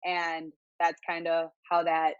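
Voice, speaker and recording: A woman's voice: sits low, completely flat delivery, takes it slowly, clear, resonant tone, no echo, highs cut off. A woman in her twenties with a Chicago-area accent, a guest on a podcast, telling her story in a chatty way with lots of fillers. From Illinois, near Chicago. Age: 20s. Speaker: interview guest, bodybuilder. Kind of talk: casual interview chat.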